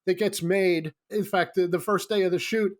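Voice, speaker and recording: A middle-aged man, a screenwriter guest, telling a comic anecdote in a lively, animated way. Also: high-pitched, moderate pace. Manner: lively, comic storytelling with acted-out quotes.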